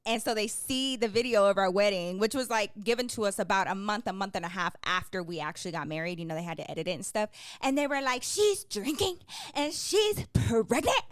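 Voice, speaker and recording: A woman's voice: mid-range voice, fast, hardly any pauses, clear, resonant tone, no room sound, clean studio sound. A young adult woman co-hosting a podcast, telling stories in casual chat and acting out what people said. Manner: animated storyteller, acts out quotes, laughs often. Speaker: podcast co-host.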